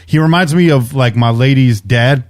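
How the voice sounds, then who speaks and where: A man co-hosting a fan podcast, chatting casually with relaxed, joking banter. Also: mid-range voice, moderate pace, no echo, clean studio sound. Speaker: podcast co-host. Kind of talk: casual chat.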